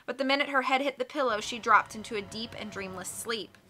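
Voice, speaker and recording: A woman narrating an audiobook in a clear, expressive reading voice. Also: fairly high pitch, fairly quick. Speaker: audiobook reader.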